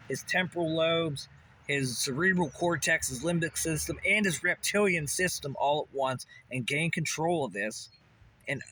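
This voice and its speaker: A man's voice: on the high side, pushed and bright, a little hiss or hum. A man delivering a rambling, intense monologue as a vlogger, swearing often and repeating questions.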